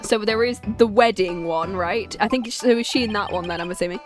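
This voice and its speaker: A woman's voice: mid-range voice, fairly quick, hardly any pauses, over music. A woman streamer giving chatty, jokey let's-play commentary as she plays a game and voices its characters. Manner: chatty, jokey and self-mocking.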